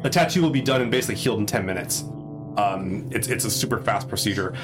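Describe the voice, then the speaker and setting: A man narrating a tabletop role-playing game as game master, relaxed and halting, with many fillers and restarts. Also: on the low side, over music.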